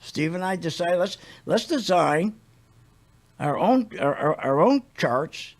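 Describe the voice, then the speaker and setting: An older male radio host with a high-pitched voice rants bluntly and indignantly. He rambles from point to point in a loose, conversational way. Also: big pitch swings, unhurried. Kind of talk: ranting radio talk.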